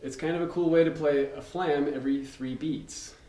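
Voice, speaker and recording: A man with a slightly high voice speaks at a moderate pace, chatting casually like a drum teacher and loosely explaining rudiments. He sounds relaxed, uses fillers and counts aloud in this laid-back lesson. The mic is distant, the room sounds roomy, and there's loud noise.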